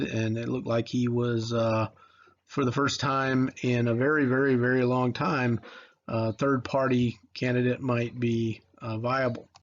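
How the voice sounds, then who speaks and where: A man's voice: medium pitch, muffled recording. A man in his forties from Mississippi, giving a casual history lecture in a conversational, rambling way, with many fillers and restarts. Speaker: history teacher.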